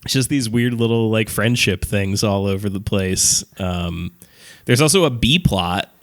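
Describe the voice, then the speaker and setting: A man's voice: fairly low pitch, a little slow. A man co-hosting a podcast, chatting casually and rambling through a story with lots of "like" and "um", swearing offhandedly and laughing as he goes. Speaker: podcast co-host reviewing films. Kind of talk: casual chat.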